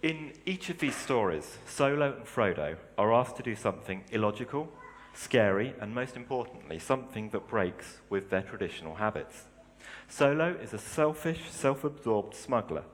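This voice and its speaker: A man's voice: mid-range voice, expressive, normal speed, a little hiss or hum. A man giving a sermon, reading story passages aloud and explaining them plainly. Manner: reads aloud expressively, then explains plainly. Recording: long hall reverb.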